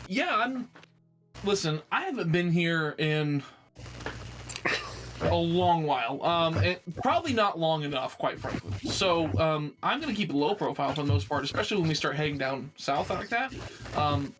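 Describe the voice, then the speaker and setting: Higher voiced guy playing a tabletop game, lots of ums and restarts, faint music behind. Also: expressive. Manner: halting, many fillers and restarts. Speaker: player. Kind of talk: casual tabletop game chat.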